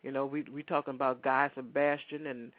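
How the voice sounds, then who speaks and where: A man's voice: medium pitch, little pitch movement, brisk, no room sound. A man hosting a radio show, chatting in a rambling way and talking straight to his listeners. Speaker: radio host. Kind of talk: casual radio talk. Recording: dry, phone-like lo-fi sound.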